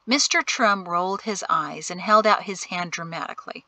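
A woman narrating an audiobook chapter in a steady storytelling manner. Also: on the low side, normal speed, few pauses, dry recording, rough recording. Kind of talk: scripted narration.

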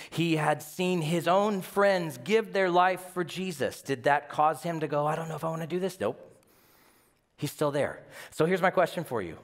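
A man preaching as senior pastor, with a fairly high voice that carries a long reverb through the church hall. He tells his stories with animation and jumps into the voices of the people in them. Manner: animated storytelling, acting out quotes. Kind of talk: sermon. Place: church sanctuary.

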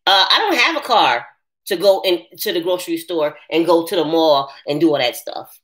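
Animated woman chatting live with viewers. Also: lowish voice, normal speed. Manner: animated, laughing, talks back to chat comments. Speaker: live stream host. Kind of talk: casual live chat with viewers.

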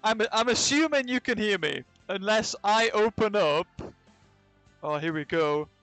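A man's voice: high-pitched, animated, measured pace, fairly bright tone, dry recording, faint music behind. A young man streaming a game from a convention, rambling and joking with viewers. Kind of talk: casual live-stream chat. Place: convention venue.

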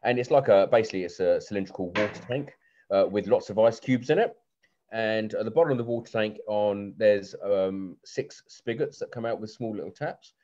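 A man with a fairly low voice runs a tabletop game as game master. He narrates in a loose, chatty way, with frequent ums and restarts. The audio is muffled and lo-fi, like a video call. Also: a little fast, a little mellow.

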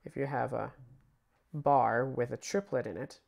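A man's voice: medium pitch, unhurried, creaky. Chatty male music teacher. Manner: relaxed and chatty, sings rhythms aloud while explaining. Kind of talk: casual online music theory lesson.

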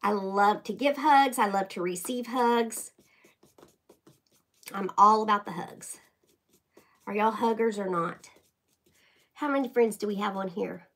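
A woman's voice: medium pitch, measured pace, long pauses, poor audio. A woman hosting a casual live craft stream, chatting to viewers by name while she paints. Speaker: craft livestream host.

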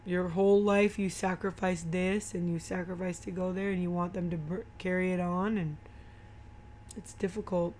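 A woman's voice: fairly low pitch, little pitch movement, moderate pace, a little mellow, slight background noise. Gushing woman recapping a movie. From Georgia, USA. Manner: gushing, emotional, rambling retelling. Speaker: movie commentary host. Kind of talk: casual movie recap chat.

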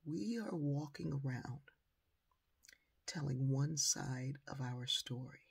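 Gravelly, husky older woman telling a story. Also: a bass voice, slow pace. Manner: animated storyteller, acts out the voices in her stories. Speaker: motivational speaker. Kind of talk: storytelling motivational talk.

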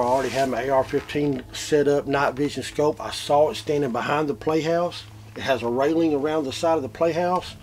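Brief: male eyewitness, middle voice, emotional retelling with a faint background hum. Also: mid-range voice. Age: adult, a father. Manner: animated, repeats himself, swings from loud to hushed. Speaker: eyewitness interviewee. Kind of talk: emotional first-person retelling.

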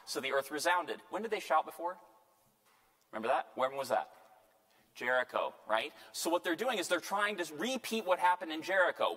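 A man, a priest, lecturing a parish class on scripture in an animated, conversational way. He keeps putting questions to his listeners, and his voice sits at an average pitch for a man. The sound trails off into a long hall reverb. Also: brisk. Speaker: priest teaching a Bible class. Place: church hall.

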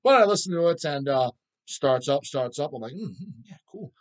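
A man's voice: fairly high pitch, animated, fairly quick. A man hosting his own channel, answering viewer questions in a blunt, crude, constantly swearing rant. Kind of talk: profane casual rant.

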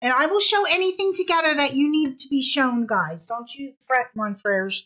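A woman's voice: sits high, normal speed, a bit bright. A woman hosting a casual live fabric sale stream, bubbly and chatty, stretching out each product name as she shows it.

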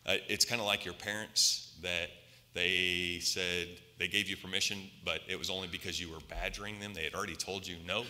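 A male preacher delivers a Sunday sermon in a very bright, sharp voice, telling the story and pressing the congregation with rhetorical questions. His speech carries through a church sanctuary with a long reverb. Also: fairly low pitch.

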